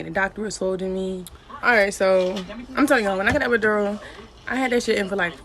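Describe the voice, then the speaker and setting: A young woman telling a casual storytime in a blunt, profane, animated way. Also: mid-range voice, slight background noise. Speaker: vlogger.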